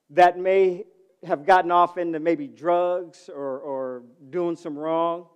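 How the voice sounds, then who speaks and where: A middle-aged man preaching a sermon as pastor, calling out to the congregation and swinging from loud to soft. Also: high-pitched, steady tone, unhurried. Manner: calls to the congregation.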